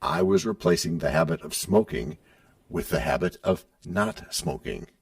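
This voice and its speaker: A man's voice: deep voice, moderate pace, creaky, recorded from a distance. A man hosting a podcast, bantering in a playful, teasing way. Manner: playful, teasing, lively delivery. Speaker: podcast host.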